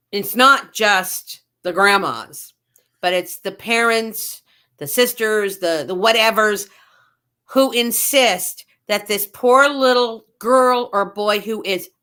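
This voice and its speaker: Woman guest, Mrs. Claus type, animated storyteller, bright tone. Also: mid-range voice. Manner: animated, slows to stress points. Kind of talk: casual storytelling chat.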